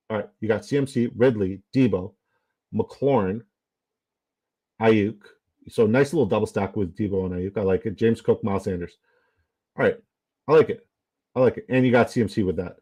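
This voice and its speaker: A man's voice: lowish voice, normal speed, pauses often, dark tone, husky, no room sound, poor audio. A man hosting a casual fantasy football draft stream, rambling with lots of fillers and reading chat comments aloud.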